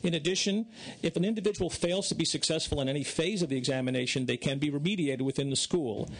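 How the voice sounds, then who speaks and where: A man giving formal prepared testimony at a legislative hearing, measured and formal. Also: a little high, husky. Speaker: witness testifying.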